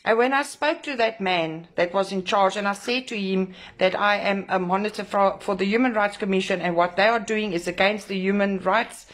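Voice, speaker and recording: A furious woman delivers a raw rant straight to camera. She swears freely and hammers her points through repetition, her voice sitting at an ordinary middle pitch for a woman. She sounds emotionally shaken and wound up throughout. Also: normal speed, hardly any pauses, a bit bright. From South Africa. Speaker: protest organiser. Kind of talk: angry direct-to-camera rant.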